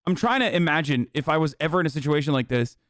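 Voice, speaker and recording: A fast-talking man with a voice on the high side streams himself watching a documentary, reacting in disbelief with plenty of swearing and animated rants. Nothing casual about the audio, though: it's studio quality, with no room sound.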